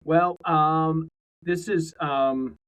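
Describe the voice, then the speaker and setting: A man's voice: a little high, steady tone, drawn-out words, a bit bright, rough recording. A man co-hosting a casual trade podcast, talking in a rambling way full of restarts. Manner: rambling, many fillers and restarts. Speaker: co-host.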